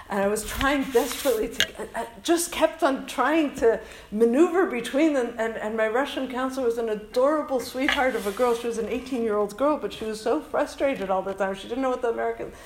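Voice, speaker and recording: A woman's voice: on the high side, reverberant, background noise. Earnest Canadian woman telling a story. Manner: earnest, emotional, peppered with Hebrew and Yiddish words. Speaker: school principal and summer camp director. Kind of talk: heartfelt storytelling talk to an audience.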